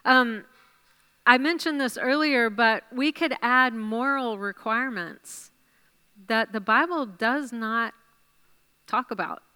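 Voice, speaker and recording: A woman with a bright, smooth, fairly high voice leads a Bible study class discussion at a slow, unhurried pace. She often stops to praise answers and thinks aloud while jotting ideas down.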